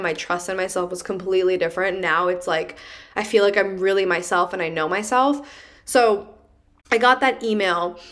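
A young adult woman hosting her podcast, telling a personal story in a casual, animated way and saying "like" often. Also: medium pitch. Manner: chatty and animated, heavy use of "like". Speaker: podcast host.

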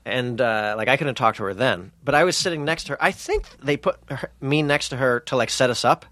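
A man's voice: mid-range voice, brisk, fairly bright tone, dry recording. A man with a mid-range voice who hosts a podcast and chats casually. He rambles through jokey stories and speaks in bursts. The sound is dry and close to the mic. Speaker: podcast host. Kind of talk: casual chat, storytelling.

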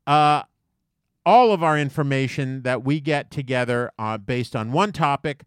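A man's voice: medium pitch, measured pace, clear, resonant tone, no echo, studio quality. Man casually telling a rambling story. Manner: rambling, self-mocking, with fillers. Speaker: podcast co-host. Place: basement studio. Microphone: large studio microphone.

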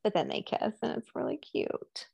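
A woman's voice: mid-range voice, normal speed, creaky, slightly rough, dry recording. A woman co-hosting a podcast, casually recapping a film and acting out the characters' lines. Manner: animated retelling with quoted voices. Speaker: podcast co-host. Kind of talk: casual movie recap chat.

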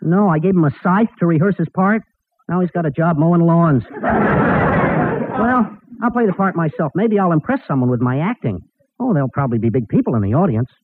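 Cast a man as a wisecracking bumbling boyfriend, high lively voice, 1940s radio comedy. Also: a little fast, lightly acted. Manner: wisecracking, mock-dramatic. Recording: tinny hissy old radio broadcast.

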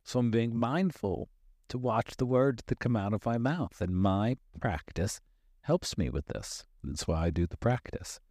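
A man's voice: low-pitched, a little mellow, dry recording, clean studio sound. A man in his fifties hosting a motivational podcast, talking candidly and emphatically, swearing casually and repeating phrases for stress. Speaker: podcast host and life coach.

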